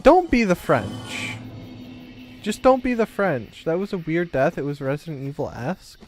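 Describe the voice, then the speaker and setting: A man's voice: a little high, very animated, moderate pace, faint music behind. A man streaming a game, chatting casually with his viewers in a joking, rambling, teasing way. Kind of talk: casual gameplay commentary.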